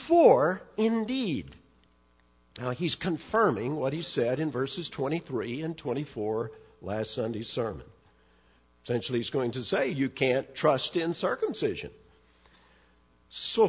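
A man's voice: a little high, breathy edge, lo-fi sound. A male pastor preaching an expository sermon, earnest and emphatic, pushing up on key words to stress them.

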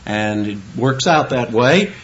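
Animated preacher man, lo-fi recording. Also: mid-range voice, slow. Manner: animated, emphatic, with rhetorical questions. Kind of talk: expository sermon. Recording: dull lo-fi recording.

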